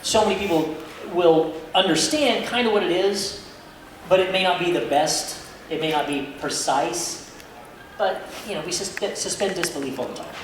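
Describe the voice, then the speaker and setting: A man's voice: high-pitched, moderate pace, a little hiss or hum. A man speaking as a guest voice actor at a convention panel, chatty and laughing often. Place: convention hall. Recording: echoey hall from far off, crowd ambience.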